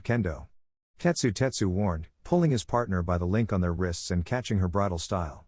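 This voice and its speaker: A man narrating a fan fiction audiobook in a steady storytelling manner. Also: sits low, dry recording, studio quality.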